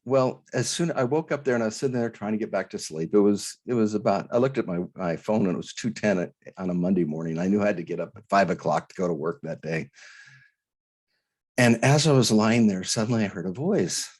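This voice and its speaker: Idaho guy telling his story on an interview, lowish husky voice, earnest, lots of restarts. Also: fairly quick, a little mellow. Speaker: guest, author.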